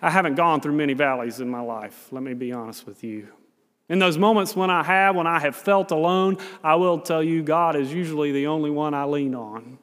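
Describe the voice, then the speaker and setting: A man preaching a sermon as pastor, telling a story with dramatic pauses and repeated phrases. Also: a little high, fairly bright tone, big-room sound.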